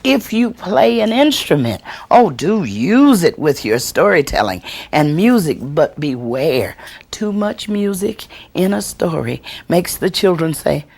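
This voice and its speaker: A woman storyteller teaching a workshop and answering audience questions, expressive and deliberate, acting out the voices she quotes. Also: lowish voice, vocal fry, breathy edge. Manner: slow, deliberate delivery with chuckles.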